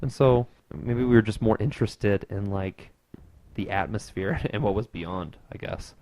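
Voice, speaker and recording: A man's voice: fairly low pitch, normal speed, a little mellow, a little hiss or hum. A young man co-hosting a casual podcast, rambling loosely with lots of fillers and easy laughs. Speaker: podcast co-host.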